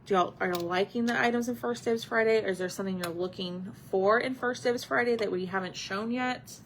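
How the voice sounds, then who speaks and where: A woman's voice: medium pitch, brisk, a little hiss or hum. A woman hosting a live craft stream, chatting casually with viewers and answering their comments while she paints.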